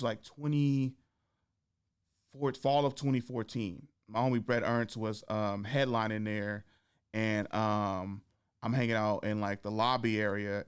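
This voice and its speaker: A male comedian hosting his own show, with a smooth, clear voice. He tells stories animatedly, slipping into the voices of the people he quotes. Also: on the low side. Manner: animated, acts out quoted voices, laughs often. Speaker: podcast host and stand-up comedian. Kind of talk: casual storytelling chat.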